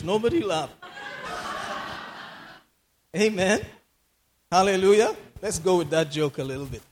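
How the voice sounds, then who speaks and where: A man preaching a sermon in a church, emphatic, repeating phrases for effect and laughing often. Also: on the high side. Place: church hall. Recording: long hall reverb.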